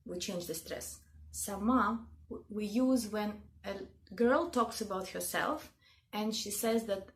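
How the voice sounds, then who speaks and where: A woman from Russia with a Russian accent, calmly explaining word meanings to her viewers in a casual vlog. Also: on the high side, slow, pauses often. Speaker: language video host.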